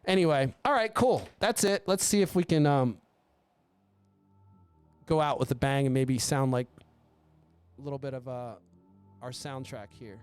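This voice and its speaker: A man's voice: medium pitch, unhurried, pauses often, clear, resonant tone, soft background music. Blunt, profane man ranting solo. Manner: swearing, blunt, rambling. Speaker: podcast host. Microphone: studio mic.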